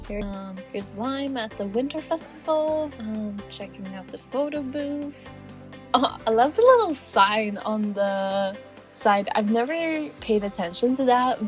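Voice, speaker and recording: A young woman hosting a casual life-sim game commentary, giggling often and rambling with fillers and self-corrections. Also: mid-range voice. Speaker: gaming channel host.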